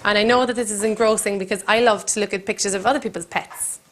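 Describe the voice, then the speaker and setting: A woman comedian with a Cork accent hosting a comedy cooking show, telling rambling deadpan stories with giggles in between. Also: medium pitch, fast. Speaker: comedian host. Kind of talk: deadpan comic monologue. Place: country kitchen.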